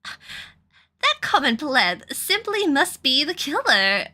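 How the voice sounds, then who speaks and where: A woman voicing a haughty, highborn female detective in a posh, drawn-out voice while playing a story game. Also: big pitch swings, pushed and bright, exaggerated voice.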